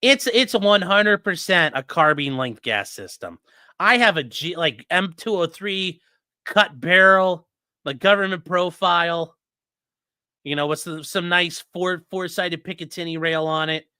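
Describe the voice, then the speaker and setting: A man in his late thirties telling a story in a casual, animated and profane way as the host of a livestream, full of gun jargon. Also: high voice, measured pace, clear, resonant tone, no echo. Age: late 30s.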